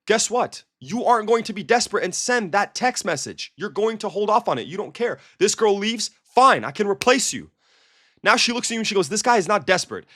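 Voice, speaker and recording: Dating coach, male, high-pitched, blunt and emphatic, talks straight to camera. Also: fairly bright tone. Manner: blunt, emphatic, keeps asking rhetorical questions. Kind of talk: direct-to-camera advice monologue.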